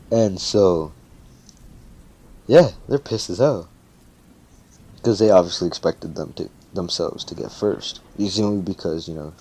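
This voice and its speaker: A man's voice: sits low, warm tone, slightly rough. A man casually telling a fan-fiction story, talking loosely with swearing and frequent fillers.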